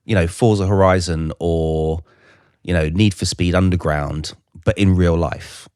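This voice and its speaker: A man's voice: sits low, fairly even intonation, measured pace, a little mellow, clear, resonant tone, no room sound, studio quality. A man co-hosting a casual podcast, enthusiastically recounting a trip abroad. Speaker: podcast co-host. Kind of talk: casual chat.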